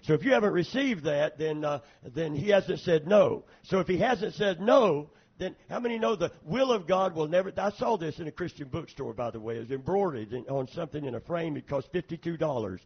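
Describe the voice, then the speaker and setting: Man, pastor, sermon, high voice, husky, amen calls, church, muffled tape sound. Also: lively intonation, brisk, few pauses. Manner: preaching with frequent calls for amen; swings from quiet asides to loud fervent prayer.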